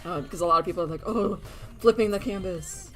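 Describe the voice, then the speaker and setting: A young woman with a lowish voice chats fast and casually while drawing on stream. She rambles, giggles, pokes fun at herself, and acts out the voices of people she quotes. Faint music plays in the background.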